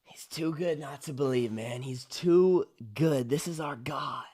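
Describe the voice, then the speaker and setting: A man's voice: on the high side, unhurried, darkish tone. A young adult man, a pastor, giving an enthusiastic, declaring commentary as he reacts to a worship song, repeating his points for emphasis.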